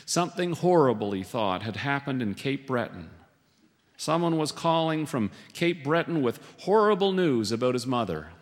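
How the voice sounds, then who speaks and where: A man's voice: mid-range voice, sing-song, moderate pace, long reverb tail. A man telling a humorous story with a dry, wry delivery.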